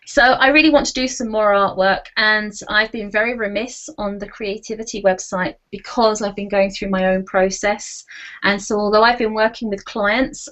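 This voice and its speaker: A woman's voice: a little high, a bit bright. A woman guest chatting casually in an interview from her home loft room over a video call, upbeat and full of ums. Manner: chatty, upbeat, many ums, laughs often. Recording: muffled lo-fi call audio.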